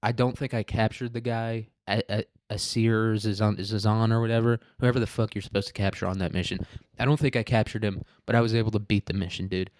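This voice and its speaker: A man's voice: on the low side, fairly even intonation, brisk, a little mellow, dry recording, clean studio sound. A young man with a nasal voice, rambling and swearing through a casual solo podcast rant, dropping "dude" and "like" and laughing often. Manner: says "dude" and "like" a lot. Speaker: podcast host.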